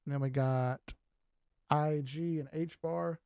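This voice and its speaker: A man's voice: a little high, fairly even intonation, slow, vocal fry, darkish tone, clear, resonant tone, no room sound. An older man hosting a crypto livestream, talking loosely and with profanity while reading out viewer comments. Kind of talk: casual livestream chat.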